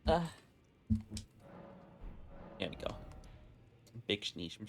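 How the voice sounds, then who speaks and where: Lively, joking male game streamer. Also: on the low side, moderate pace, faint music behind. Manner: crude, joking, talks to chat. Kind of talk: casual gameplay commentary.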